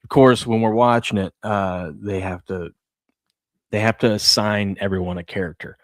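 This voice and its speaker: A man's voice: lowish voice, fairly even intonation, moderate pace, no echo. A man in his thirties co-hosting a sports talk show, chatting casually and laughing as he tells family stories. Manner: storytelling, laughs often, acts out his kids' voices. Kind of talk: casual chat.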